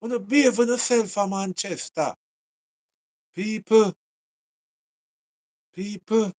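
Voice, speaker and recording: Slow, high-voiced Jamaican man. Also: darkish tone. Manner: repetitive, preachy, rhetorical questions. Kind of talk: casual commentary monologue.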